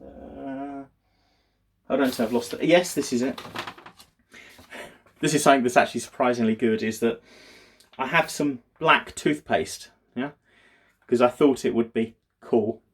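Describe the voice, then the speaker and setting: A man talks through his day in a casual video diary, rambling with plenty of fillers and restarts. His voice is husky and his mood low. He sits at a middling pitch and keeps going, unhurried. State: low and downbeat. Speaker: vlogger.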